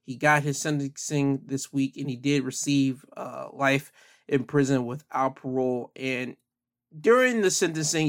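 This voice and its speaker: A man talks through the news in a loose, conversational way, as if chatting to his viewers. He leans on "uh" and "um" fillers and sounds unscripted. His voice sits in an ordinary middle range. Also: medium pitch. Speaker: commentator. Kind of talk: casual news commentary.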